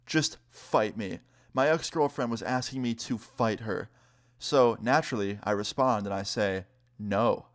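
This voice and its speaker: A young man in his twenties telling a casual story time vlog, animated and swearing, speeding up and slowing down. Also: on the low side.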